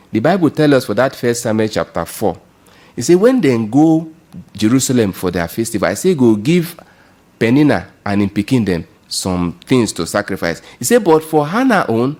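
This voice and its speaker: A man's voice: medium pitch, darkish tone. A man with a Nigerian Pidgin accent teaching a Bible lesson, explaining and asking rhetorical questions.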